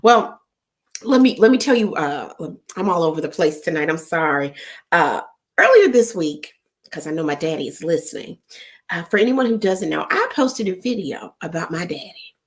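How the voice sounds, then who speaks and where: A woman hosting an online gathering, telling a story in a chatty, animated way and jumping between asides. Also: fairly low pitch, normal speed. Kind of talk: casual storytelling chat.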